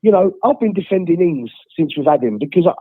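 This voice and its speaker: Over a tinny phone line, an unwell man calls in to rant bluntly about his football team. His voice is on the high side, expressive and fast, with no echo.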